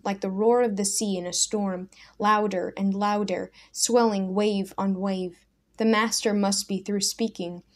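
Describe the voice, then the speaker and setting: Soft-spoken woman reading a story aloud. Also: mid-range voice. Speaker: narrator. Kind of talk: scripted audiobook narration.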